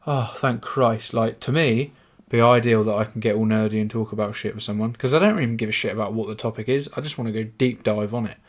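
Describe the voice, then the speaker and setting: A fairly low male voice moves quickly with few pauses. The speaker, a young English podcaster, rambles through a casual solo monologue, mocking himself and swearing a lot.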